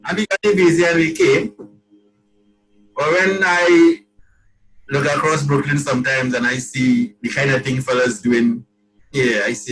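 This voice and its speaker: A Trinidadian man talks through his songs in an easy, animated interview voice, often stumbling over repeated words as he builds a story. His pitch is mid-range for a man, and music plays clearly underneath him. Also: unhurried, long pauses, low-quality recording. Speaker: calypsonian guest. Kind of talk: casual interview talk.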